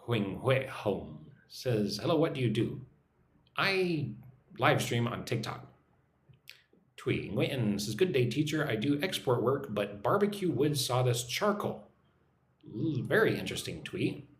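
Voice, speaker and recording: Lively American man teaching English live. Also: mid-range voice, measured pace, echoey room. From United States. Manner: upbeat, reads viewer names aloud, models phrases to repeat. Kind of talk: casual live-stream lesson, reading chat comments. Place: home in a Vietnamese city.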